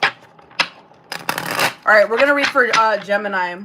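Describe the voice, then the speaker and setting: A woman's voice: medium pitch, measured pace, noisy background. A woman giving a casual live-streamed tarot reading. She chats, swears freely and answers viewer comments aloud between card pulls. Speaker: tarot reader.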